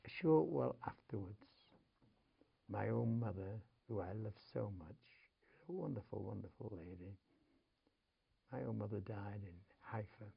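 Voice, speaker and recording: A man's voice: fairly low pitch, unhurried, highs cut off. An older man from Manchester, England, telling a family story as an interview guest, emotional, swinging between whispers and urgent outbursts. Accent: Manchester English. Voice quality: gravelly, husky.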